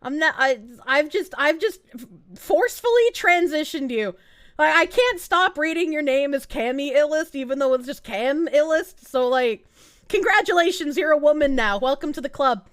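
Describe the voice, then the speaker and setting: Woman streamer, high voice, lively swoops, giggly, rambling, dry close mic. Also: no echo. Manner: giggly, rambling, quick laughs between lines. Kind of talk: casual live-stream chat.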